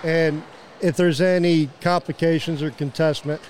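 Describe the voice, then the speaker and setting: A man's voice: fairly high pitch, steady tone, normal speed, a little mellow, slight background noise. A man with a Midwestern American accent who organizes youth archery, explaining tournament logistics in casual conversation. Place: outdoor venue at a fairgrounds.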